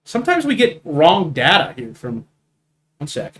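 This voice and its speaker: A man's voice: fairly high pitch, wildly swooping pitch, unhurried, a bit bright, slight background noise. Emphatic man breaking down trading charts. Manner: emphatic, repeats points, asks "right?" often. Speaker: trading stream host. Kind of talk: live market commentary over charts.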